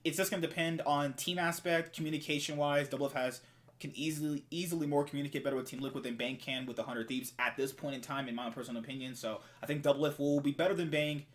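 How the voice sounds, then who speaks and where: A man's voice: fairly high pitch, steady tone, fast talker. A young man in casual esports debate chat, teasing and argumentative as he makes his points.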